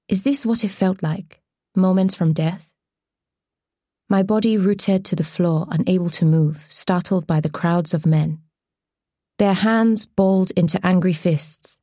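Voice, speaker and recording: A woman reading an audiobook in measured, deliberate scripted narration. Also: fairly low pitch, mellow, dry recording, studio quality.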